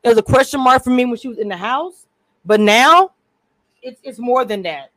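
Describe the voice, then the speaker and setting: A woman's voice: fairly high pitch, animated, moderate pace, a bit bright, dry recording. A woman co-hosting a casual recap chat over a video call, talkative and prone to drifting off topic with many restarts. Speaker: co-host.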